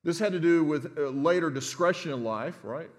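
A middle-aged male pastor preaching in a church, his fairly high voice ringing with a long hall reverb. He teaches in a relaxed, conversational way, stumbling over and repeating words and tossing in "right?" to keep the room with him. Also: normal speed. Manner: conversational, often restarts words and checks in with "right?". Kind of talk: expository sermon.

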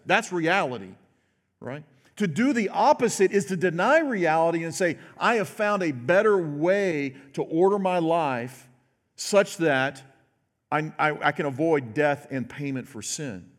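A pastor giving a sermon in a conversational way, often checking in with "right?". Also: male voice, fairly high pitch. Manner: conversational preaching with frequent tag questions. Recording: long hall reverb.

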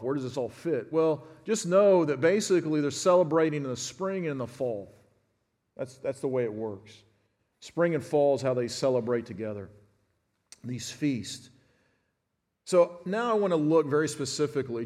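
A man's voice: medium pitch, a little mellow. Man in his fifties preaching in a hall. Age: 50s. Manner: conversational teaching, addresses the congregation directly. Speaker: pastor. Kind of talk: sermon. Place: church sanctuary.

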